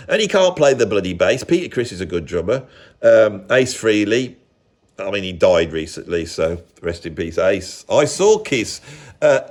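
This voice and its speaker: Rambling British man ranting mockingly. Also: mid-range voice. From Britain. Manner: rambling, mocking, peppered with mild swearing. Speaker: music vlogger. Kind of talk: casual opinion rant.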